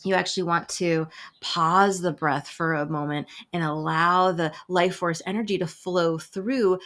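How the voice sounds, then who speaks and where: A woman who works as an emotional health specialist, talking casually about breathwork with lots of swearing, jokes and laughter. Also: lowish voice. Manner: profane, playful, laughs often. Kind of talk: casual spoken talk.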